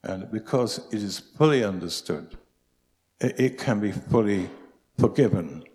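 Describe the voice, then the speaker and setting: A man giving a preaching talk, telling stories in an animated, humorous way. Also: lowish voice, unhurried. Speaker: speaker. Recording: long hall reverb.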